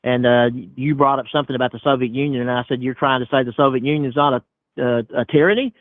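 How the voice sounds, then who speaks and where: Male caller, rambles, repeats himself, rapid speech, tinny dry phone line. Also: medium pitch, no room sound. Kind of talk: phone call-in chat.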